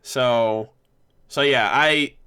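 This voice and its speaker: A man's voice: mid-range voice, extremely slow, sharp tone, smooth. A man hosting a casual livestream discussion, rambling and correcting himself with frequent laughs. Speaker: livestream host.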